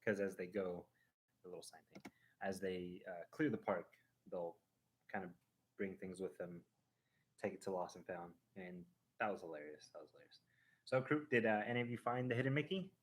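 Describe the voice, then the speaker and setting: Lower-voiced man telling a rambling story. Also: moderate pace. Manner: animated, acting out a ride with sound effects; rambling, with restarts and fillers. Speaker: host of a live stream. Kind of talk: casual chat, storytelling.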